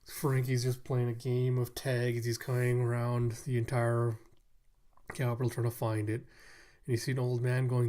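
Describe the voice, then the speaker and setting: A man's voice: medium pitch, completely flat delivery, moderate pace, warm tone. A man giving a casual manga review, animatedly retelling the scenes and acting them out.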